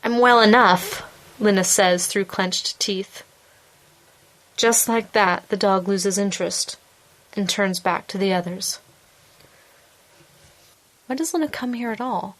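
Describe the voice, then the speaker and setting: A woman reading a short story aloud in a measured, calm storytelling manner. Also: medium pitch. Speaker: story narrator. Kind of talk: scripted narration.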